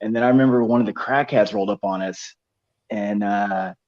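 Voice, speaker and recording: A man's voice: on the low side, brisk, dry recording. A young man telling a long story in casual chat, rambling and slangy with lots of fillers and restarts. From Texas. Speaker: podcast co-host. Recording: dull dry studio sound.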